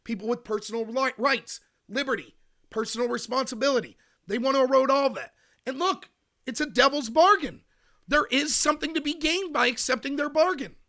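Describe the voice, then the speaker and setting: A man's voice: very high voice, a little fast, pushed and bright. An American man hosting a political commentary show, ranting emphatically and answering his chat. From United States. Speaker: podcast host.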